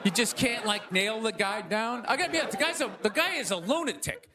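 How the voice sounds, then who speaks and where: A man doing a sarcastic, ranting stand-up comedy monologue to a live audience, often shouting. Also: high voice, lively intonation, fairly quick, noisy background. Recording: live stage with audience laughter. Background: audience laughter.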